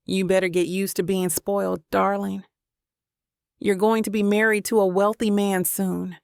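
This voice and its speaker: A woman's voice: medium pitch, flat delivery, normal speed, vocal fry, clear, resonant tone, dry recording, studio quality, close to an everyday voice. A woman voicing a confident, wealthy young man who likes to spoil his date, in a romance audiobook. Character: confident wealthy young businessman, smooth charmer.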